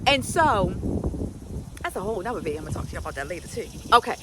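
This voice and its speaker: A woman's voice: medium pitch, big pitch swings, rapid-fire, heavy background noise. A middle-aged woman, a health coach telling a story in a folksy, emphatic, preachy way. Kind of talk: casual storytelling to camera.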